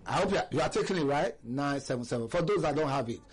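A middle-aged Nigerian man hosts a call-in radio show in a slightly husky, fairly high voice. He talks in an animated, chatty way, laughing easily and circling back over his words. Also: quick pace. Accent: Nigerian English. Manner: animated, chatty, laughs often, repeats himself. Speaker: radio host.

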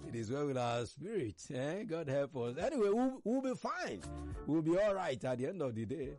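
A man's voice: a little high, very animated, moderate pace, darkish tone, faint music behind. A Nigerian man hosting a casual current-affairs talk show, chatty, laughing as he tells stories. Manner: chatty, laughs while telling stories, mimics others.

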